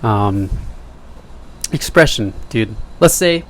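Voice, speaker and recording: A man's voice: on the low side, lively intonation, takes it slowly, fairly bright tone, slight background noise. Rambling joking young man on camera. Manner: jokey, self-deprecating, wandering asides. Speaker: vlogger. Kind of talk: rambling casual monologue to camera.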